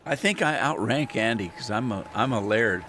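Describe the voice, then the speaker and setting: A man's voice: on the low side, lively intonation, moderate pace, fairly bright tone, slight background noise. Candid, rambling man streaming live. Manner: rambling, candid, with frequent restarts. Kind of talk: casual live stream chat.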